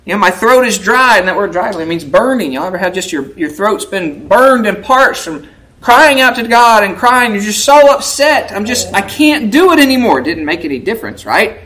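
A man's voice: sits high, sing-song, normal speed, pushed and bright, poor audio. A man preaching a sermon, asking the listeners questions and building vivid word pictures, with a dramatic rise when quoting the verses. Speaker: pastor. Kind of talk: expository sermon.

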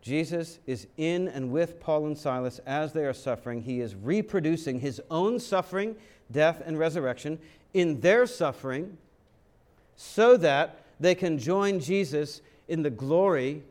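Dramatic preacher man, higher voice. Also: expressive, a little slow, darkish tone. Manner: dramatic, rhetorical questions, acts out voices. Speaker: pastor. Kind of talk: sermon.

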